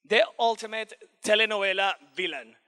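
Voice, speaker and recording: Man, creative director talk, high, bright, crisp voice. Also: moderate pace. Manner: casual, enthusiastic, with filler "eh". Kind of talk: presentation to students.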